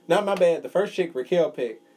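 A man's voice: fairly high pitch, moderate pace, a little mellow, husky. A young man co-hosting a podcast, telling rambling, profane stories in casual chat. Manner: rambling storyteller, swears freely. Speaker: podcast co-host.

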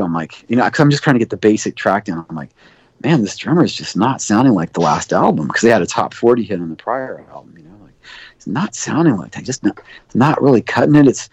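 Male guest, low-ish voice, rambling storyteller who mimics quoted lines; dull dry podcast audio. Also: a little mellow, no echo. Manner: rambling, many fillers, acts out quoted dialogue. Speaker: guest, record producer. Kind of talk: casual interview storytelling.

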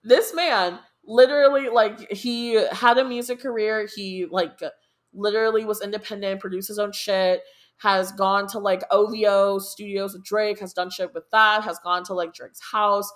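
Podcast host: young woman from the US, casual, rambling, excitable, swears freely, mid-pitched. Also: normal speed. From United States. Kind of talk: casual chat.

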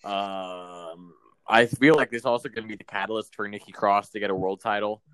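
A man's voice: fairly low pitch, steady tone, fairly quick, a bit bright, clean tone, no echo. A man co-hosting a casual podcast, talking eagerly with lots of "um"s. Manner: eager, filler-heavy talk. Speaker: podcast co-host. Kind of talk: casual chat.

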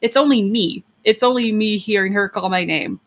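A young woman co-hosting a podcast, telling a story in a casual, rambling way with lots of "like" and "um" and quick laughs. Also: medium pitch. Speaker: podcast co-host.

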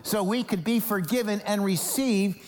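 A pastor from New Jersey preaches a sermon in a lively, animated way, slipping into quoted voices for Bible characters. His voice sits high for a man. It rings with the long reverb of a large hall. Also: normal speed.

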